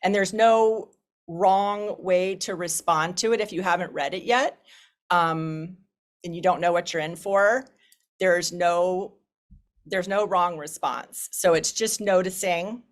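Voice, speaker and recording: A woman with a fairly low voice opens an online discussion group. She talks in a loose, relaxed way, with plenty of hesitations and restarts, and she is heard over a video call. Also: takes it slowly. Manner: relaxed, many fillers and restarts. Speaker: group facilitator. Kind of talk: welcoming group introduction.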